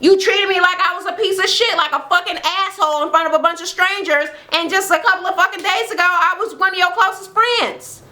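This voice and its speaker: A woman recapping a reality show in a casual, animated rant, swearing heavily and acting out what people said. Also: very high-pitched, a little fast, hardly any pauses. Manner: animated, heavy swearing, acts out quotes. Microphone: camera mic with ring light setup.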